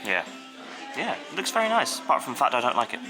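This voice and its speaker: A man's voice: mid-range voice, very animated, fast, over music. Chatty man reviewing afternoon tea. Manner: chatty, rambling, enthusiastic about food. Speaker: food vlogger. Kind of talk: casual chat reviewing food. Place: hotel dining room.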